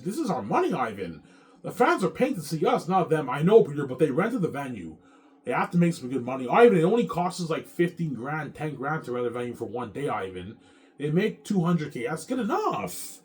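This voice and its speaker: A man's voice: a little high, big pitch swings, fairly quick, darkish tone, pitched above the performer's own voice. A man putting on the voice of a whiny, greedy middle-aged male film director who pleads and insists, repeating the other person's name. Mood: demanding.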